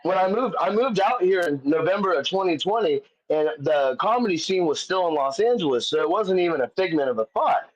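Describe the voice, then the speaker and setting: A man's voice: high voice, lively intonation, brisk, hardly any pauses. A man, a comedian guest, telling stories in casual chat, swearing often and rambling with many fillers. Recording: dull lo-fi audio.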